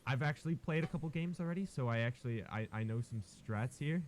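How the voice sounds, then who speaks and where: A man hosting a gaming video, giving casual, excitable commentary as he plays. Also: medium pitch, quick pace, slight background noise. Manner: excitable, cheers and yelps at close plays.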